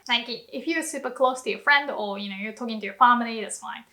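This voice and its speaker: High, bright-voiced woman teaching. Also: quick pace. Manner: lively explaining, frequent light laughter. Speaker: Japanese language teacher. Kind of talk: online language lesson.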